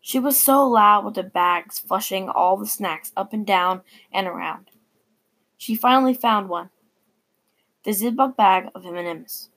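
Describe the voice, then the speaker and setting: A woman reading a personal story aloud in a plain, unhurried way with small stumbles. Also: mid-range voice, a bit bright.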